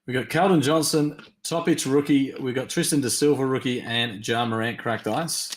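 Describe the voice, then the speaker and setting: A man hosting a live-stream trading card break, tired and yawning, chatty as he reads teams and cards in quick lists. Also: medium pitch, fairly even intonation, roomy sound, background noise. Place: at a desk during a live stream.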